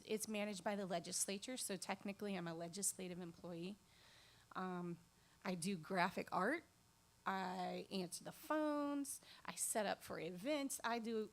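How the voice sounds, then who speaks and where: A woman's voice: mid-range voice, unhurried. A woman singer-songwriter chatting between songs at a small live venue, giggly and rambling. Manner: giggly, rambling, self-deprecating. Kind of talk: chatty song introduction on stage.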